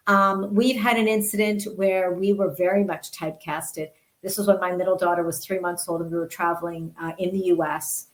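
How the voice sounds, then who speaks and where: A woman's voice: on the low side, steady tone, normal speed, rough recording. Earnest woman telling a story. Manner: earnest, restarts and repeats words. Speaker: interview guest, journalist. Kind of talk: candid personal storytelling.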